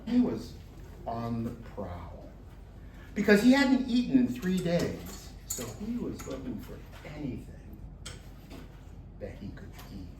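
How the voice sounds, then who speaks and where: A man telling a folk tale to an audience in a lively, expressive way, with slow, dramatic pauses. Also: on the high side, noisy background. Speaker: volunteer storyteller. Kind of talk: animated storytelling to an audience. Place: luncheon hall. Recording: roomy distant room mic, faint ambience.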